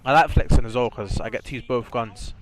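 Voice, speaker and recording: A young man hosts a live stream, talking loosely and excitably to his viewers. His voice sits in an ordinary middle pitch, and he drifts into slang and cheerful boasts. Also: brisk, crowd noise. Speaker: streamer hosting a watch party. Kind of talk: casual live-stream chat.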